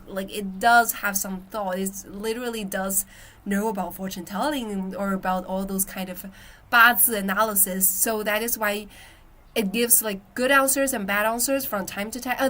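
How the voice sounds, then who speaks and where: Young woman, casual live-stream chat, bright tone, recovering from a cold, says "my friend" a lot. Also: medium pitch, normal speed. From China. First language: Chinese. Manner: chatty, reads out viewer comments, frequent "my friend" and "yeah". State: recovering from illness, coughing. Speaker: livestream host.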